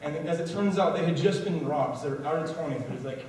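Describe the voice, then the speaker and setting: A man's voice: on the high side, fast, a little mellow. A young man performing as a magician at a college talent show, telling a casual story full of fillers as he works a card trick. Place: college talent show stage, large room. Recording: echoey hall, voice far off, noisy.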